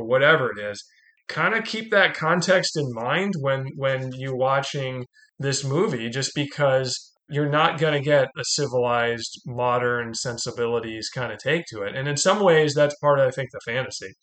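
A man's voice: medium pitch, moderate pace. A middle-aged man hosting a podcast, chatting casually about a film and animatedly acting out its quotes. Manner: animated, acts out movie quotes. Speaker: podcast host.

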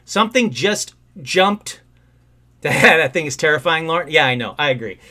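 An excitable man hosts a call-in livestream from his home. His voice sits a little high and bright, and it swings widely in pitch as he rambles and breaks into sudden outbursts. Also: moderate pace. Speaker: host of a call-in livestream show. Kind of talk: casual live-stream chat.

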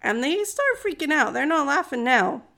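A woman's voice: high-pitched, very animated, normal speed, gravelly, bright, forceful tone. A woman retelling a story in a chatty, jokey, slangy way.

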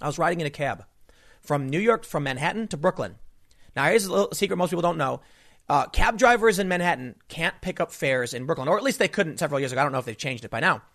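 A man's voice: on the high side, expressive, fast talker, fairly bright tone. Emphatic, indignant male commentator. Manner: emphatic, indignant, storytelling with many restarts. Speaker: political commentator. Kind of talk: opinion commentary monologue.

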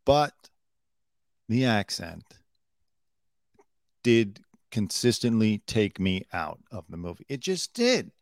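A man's voice: lowish voice, big pitch swings, slow pace, long pauses, no echo, clean studio sound. A man hosting a live news commentary show, blunt and opinionated, swearing freely and swinging between emphatic outbursts and muttered asides. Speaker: show host.

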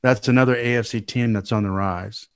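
A former football coach in a casual chat, giving measured, thoughtful analysis. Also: male voice, mid-range voice, steady tone, clean tone.

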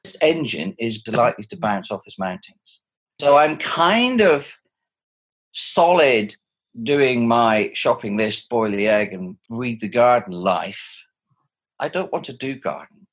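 A man in his sixties with a husky voice, speaking thoughtfully and animatedly from home over a video call. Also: mid-range voice, takes it slowly. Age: 60s. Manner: thoughtful, animated, chuckling often. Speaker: interviewee. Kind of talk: reflective personal conversation.

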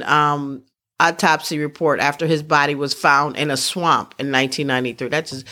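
Chatty, bright-voiced woman. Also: low voice. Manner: rambling, chatty, restarts sentences. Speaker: podcast host. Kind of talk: casual sports chat.

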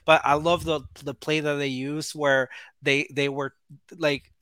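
A man's voice: a little high, flat delivery, unhurried, fairly bright tone, clear, resonant tone, no echo. A man co-hosting a casual TV review chat, talking in a rambling, enthusiastic way with many restarts. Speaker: podcast co-host.

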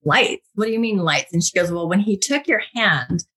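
A woman in her thirties, a guest telling a personal spiritual story in an animated, casual way. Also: mid-range voice, moderate pace, breathy edge.

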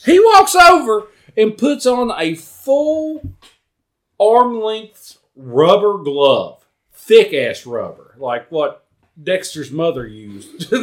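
Male podcast storyteller, lively pitch, profane and animated. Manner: animated, profane, jumps into high voices for quotes. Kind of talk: casual storytelling.

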